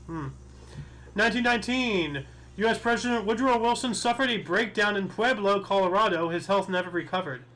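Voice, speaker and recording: A man's voice: sits high, fairly quick, sharp tone, rough recording. A young man co-hosting a history podcast, reading dates with small stumbles and joking casually. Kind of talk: casual chat.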